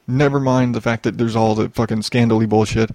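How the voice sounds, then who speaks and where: A young male podcast host talks alone into a close mic, his voice gravelly with fry. He rants and rambles, swears freely and often restarts his sentences. The sound is dry, with no room in it. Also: mid-range voice, fairly even intonation, brisk, darkish tone, dry recording. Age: young adult. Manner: profane, ranting, rambling with restarts. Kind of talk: solo podcast rant.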